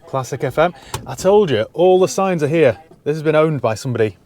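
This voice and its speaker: A man's voice: fairly high pitch, lively intonation, brisk, a little mellow, a little hiss or hum. Dry-witted man checking a car. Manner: dry, wry asides. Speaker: used car dealer. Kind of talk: casual walkaround commentary. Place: inside a parked car on a cold day.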